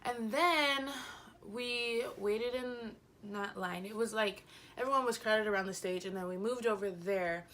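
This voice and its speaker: Bright-voiced young woman rambling a storytime. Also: medium pitch, a little slow, slight background noise. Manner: rambling, giggly, full of fillers. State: a little out of breath. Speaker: vlogger. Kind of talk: casual storytime chat.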